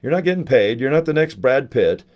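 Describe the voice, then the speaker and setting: A man's voice: mid-range voice, expressive, darkish tone, pitched above the performer's own voice, lightly acted. A man putting on the voice of his blunt, lecturing acting coach, firing questions at his students. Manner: pushy, lecturing, quick-fire questions. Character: blunt, coaxing middle-aged male acting coach.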